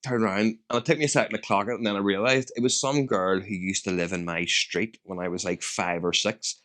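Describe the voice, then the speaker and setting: A man's voice: on the low side, fairly quick. A man with a Northern Irish accent, co-hosting a podcast and telling stories in casual chat, acting out quotes and swearing freely. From Northern Ireland. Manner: animated storyteller, acts out quotes, swears freely. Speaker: podcast co-host, DJ.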